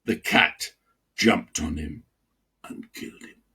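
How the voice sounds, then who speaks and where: A man voicing an older Russian medical dean with a Russian accent and a deep velvety voice, telling a teasing story slowly and theatrically. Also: huge pitch swings, vocal fry, husky, exaggerated voice. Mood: sly storytelling. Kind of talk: memoir reading aloud.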